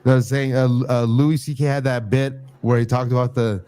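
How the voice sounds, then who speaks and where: A man's voice: mid-range voice, fairly even intonation, brisk, mellow, clear, resonant tone. A man co-hosting a podcast, chatting casually and rambling with lots of restarts and laughs. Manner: rambling, trailing off, laughing at own jokes. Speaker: podcast co-host. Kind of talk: casual chat.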